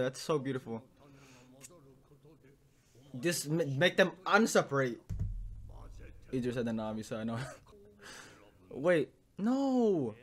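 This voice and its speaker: Reacting to an episode of anime, a young man talks casually, cursing and wearing his emotions openly. His delivery lurches from quiet muttering to sudden loud outbursts.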